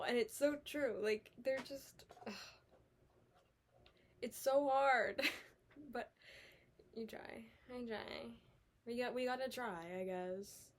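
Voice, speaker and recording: A young woman musing aloud in a casual, rambling vlog monologue, sometimes sliding into soft whispers. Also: medium pitch. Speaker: vlogger. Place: indoors, sitting on the floor.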